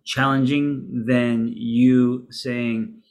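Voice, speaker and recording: A man's voice: mid-range voice, very slow. A man co-hosting a podcast, giving casual relationship advice with frequent fillers and restarts. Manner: relaxed, hesitant with fillers and restarts. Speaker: podcast co-host.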